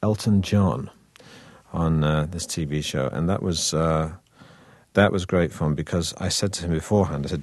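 A comic actor in an interview, telling anecdotes with lots of restarts and chuckles. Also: male voice, a bass voice, normal speed, a little mellow, no room sound. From Britain. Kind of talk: casual interview chat.

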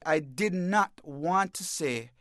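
Male reporter guest, halting and stammering, plain mid voice, dry studio sound. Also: a little high, animated, fairly bright tone, no echo. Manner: halting, repeats words, stammers. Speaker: newspaper reporter, interview guest. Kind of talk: emotional first-person account. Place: radio bureau studio.

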